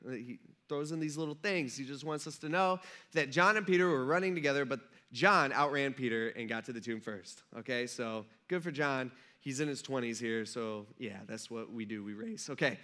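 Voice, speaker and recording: A man's voice: mid-range voice, fairly bright tone. A man in his thirties preaching a casual sermon as pastor, chatty and joking as he retells the story. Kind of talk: casual sermon with humorous asides.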